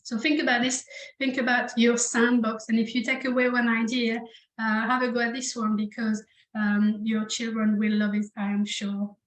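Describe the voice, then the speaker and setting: A woman with a fairly high voice gives an online training talk to teachers. She keeps checking in with her audience and slows down to model sounds for them to copy. The recording carries noticeable room echo. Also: level tone. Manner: encouraging, checks in with "okay?" and "you know"; demonstrates sounds slowly for listeners to repeat.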